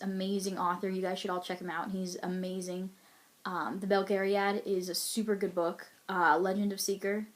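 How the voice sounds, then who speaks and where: Young woman, casual vlog chat, middle pitch, rambling, candid, giggly. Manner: chatty and candid, lots of ums and little laughs. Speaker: role-player answering a profile questionnaire.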